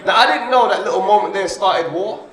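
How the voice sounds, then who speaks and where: A young man doing a stand-up comedy set, chatty and animated, often asking "you know what I mean?". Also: high-pitched, fairly quick. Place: comedy club stage. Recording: echoey club, far from the mic, loud noise and crowd.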